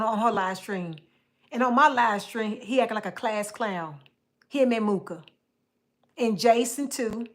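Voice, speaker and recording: Hosting a livestream, this woman talks with her viewers in a relaxed, colloquial way, her voice a little on the high side. She playfully calls people out by name and says phrases again to drive them home.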